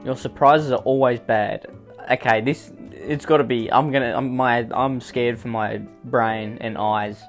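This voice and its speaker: A young man giving comedic commentary, reading a text aloud and breaking off for dry, sarcastic remarks. His voice sits at an ordinary middle pitch, and faint music plays underneath. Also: fairly even intonation, unhurried. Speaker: YouTube commentator.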